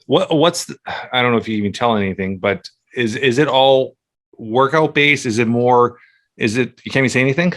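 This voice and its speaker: A man from Canada in a medium-pitched voice, hosting a casual podcast interview. He asks relaxed, friendly questions and keeps his reactions short. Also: brisk. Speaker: podcast host.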